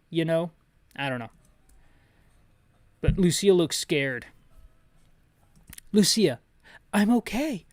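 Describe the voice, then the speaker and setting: A man describes a video game's scenes in detail, chatty and joking, often restarting his sentences. His voice sits a little high for a man. The sound is close and dry. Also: darkish tone, no echo. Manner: chatty, jokey asides, frequent restarts. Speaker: channel host describing a game. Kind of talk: audio description and commentary.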